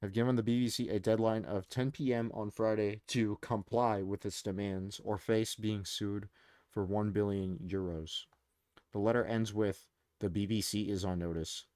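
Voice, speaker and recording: Lower-pitched man reacting casually to posts. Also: fairly even intonation, normal speed, darkish tone, no echo, studio quality. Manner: rambling, filler-heavy, reading posts aloud. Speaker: commentary streamer.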